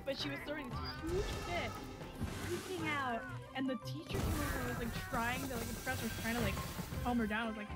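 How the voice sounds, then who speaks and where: Young woman, twenties, high-ish voice, animated rambling storyteller on a gaming stream, music under. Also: a little fast. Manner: animated, rambling, laughs often. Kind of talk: casual storytelling while gaming. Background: game music.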